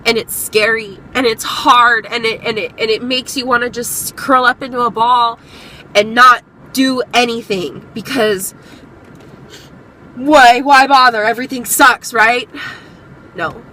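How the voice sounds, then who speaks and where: A young woman talks straight to her viewers in a candid pep talk, earnest and encouraging with plenty of blunt swearing. Her voice is a little high and very bright and forceful, with a faint hum of outdoor noise around her. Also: fairly even intonation, a little slow, poor audio. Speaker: vlogger. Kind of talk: candid motivational talk to camera.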